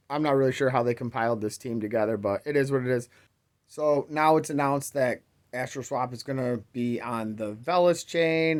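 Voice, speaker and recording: A man hosting a crypto video, talking in a profane, exasperated, rambling rant with sarcastic asides. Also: medium pitch. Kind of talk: ranting casual commentary.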